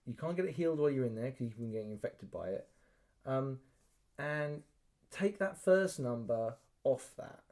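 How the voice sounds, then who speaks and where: A man's voice: mid-range voice, animated, normal speed, a little mellow. A man, co-hosting a podcast and telling stories animatedly, swearing and acting out quotes. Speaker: podcast co-host. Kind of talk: casual chat, storytelling.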